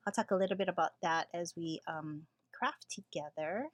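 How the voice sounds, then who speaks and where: A middle-aged woman chatting on a late-night live stream from her garage craft space, talking softly and often slipping into a whisper, with lots of fillers. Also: on the low side, moderate pace, hardly any pauses, slight background noise. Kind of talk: casual live-stream chat.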